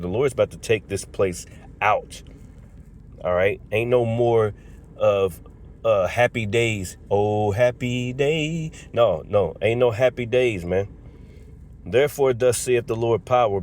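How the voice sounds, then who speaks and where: A man's voice: fairly low pitch, a little mellow, slight background noise. A man preaching from scripture, reading verses aloud and breaking in with casual, slangy remarks like "all right" and "man.". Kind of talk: street-style scripture sermon.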